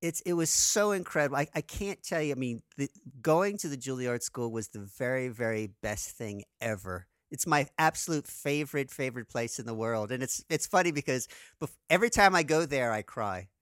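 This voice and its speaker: A man with a New Jersey accent, a composer talking as a guest in a casual interview, upbeat and quick to laugh, often repeating his words. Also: medium pitch, lively intonation, fairly bright tone, clean tone, no echo, clean studio sound. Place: remote call from Australia.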